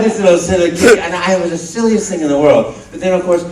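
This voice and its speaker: A man in his fifties speaking on a convention panel, animated, breaking into loud cartoon voices and then turning earnest and heartfelt. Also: high-pitched, quick pace, few pauses, heavy background noise. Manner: earnest and heartfelt when reflecting. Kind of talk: animated panel talk to an audience. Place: large convention hall. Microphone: handheld phone in the audience. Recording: phone recording from far off in an echoey hall.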